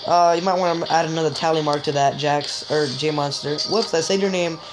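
A woman giving joking, excitable let's-play commentary, chatting straight to viewers and letting out sudden high yelps. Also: fairly quick, background noise. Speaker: gamer. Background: game music.

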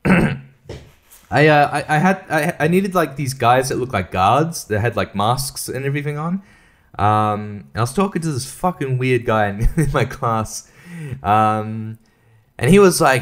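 A man's voice: mid-range voice, lively intonation, measured pace. Rambling, profane young man. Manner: rambling, profane, self-mocking with frequent laughs. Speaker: podcast host. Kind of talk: casual solo podcast monologue.

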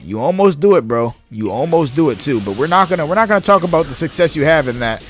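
A young man giving live, excitable, slang-heavy commentary as he plays a video game. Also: fairly high pitch, fast talker, faint music behind. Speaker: gamer.

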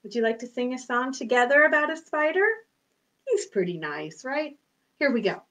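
A woman's voice: high-pitched, expressive, normal speed, a bit bright, muffled recording. A woman hosting a children's storytime, singing songs and talking to small children in a sing-song, exaggerated manner. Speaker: children's librarian.

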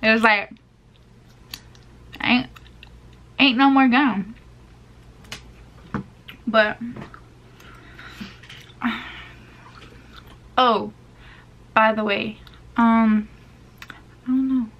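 A woman's voice: on the high side, steady tone, extremely slow, pauses often, dull audio. A woman of twenty-one, answering get-to-know-me questions in a casual, sassy vlog while chewing gum. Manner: chatty, sassy, playful asides to viewers. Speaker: beauty vlogger.

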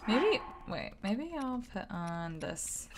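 A woman's voice: mid-range voice, sing-song, takes it slowly, very noisy. A woman casually talking to herself and swearing as she plays a game on a live stream. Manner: chatty, swearing, talks to herself. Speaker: streamer playing a video game.

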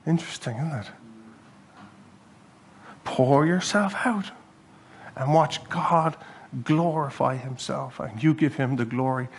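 Earnest male pastor with a husky voice. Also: mid-range voice, slow, pauses often. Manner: earnest, animated, with sudden bursts of laughter. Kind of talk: sermon. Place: church hall.

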